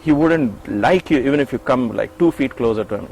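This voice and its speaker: A middle-aged man shares memories in an interview, voicing the people in his story as he goes. He often restarts and repeats words, and a faint hiss sits under his medium-pitched voice. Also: fairly quick, gravelly, rough recording. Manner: animated storyteller, acts out quoted lines. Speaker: interview guest, former attendant.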